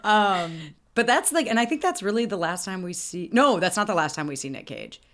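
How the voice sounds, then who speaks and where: A young woman co-hosting a podcast in casual chat, animated and swearing as she retells scenes. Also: mid-range voice, brisk. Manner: animated, swearing, acts out movie characters. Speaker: podcast co-host.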